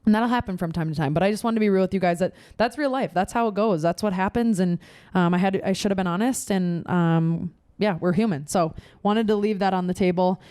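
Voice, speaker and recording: A woman's voice: mid-range voice, fairly quick, mellow, no room sound, studio quality. A woman in her twenties co-hosting a podcast, telling candid stories in a rambling, filler-heavy way. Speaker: podcast co-host. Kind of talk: casual chat.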